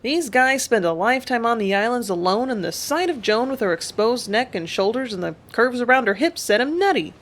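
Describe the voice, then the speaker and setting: A woman doing a drawling rough ship's mate. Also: a little high, lively intonation, fairly quick, hardly any pauses, lightly acted.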